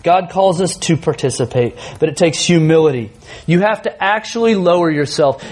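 A man in his thirties preaching a sermon to students, earnest, moving between emphatic stretches and soft, tender storytelling. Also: on the high side. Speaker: youth pastor.

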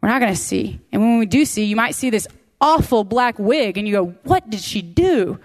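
A woman's voice: medium pitch, a little fast. A woman teaching a women's Bible study, emphatic, repeating key phrases and acting out prayers. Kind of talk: impassioned teaching to a women's group. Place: room with a women's group.

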